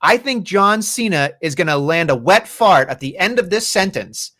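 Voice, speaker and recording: A man's voice: sits high, lively intonation, normal speed, a bit bright. A man co-hosting a podcast, chatting casually about wrestling in a rambling, profane way. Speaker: podcast co-host.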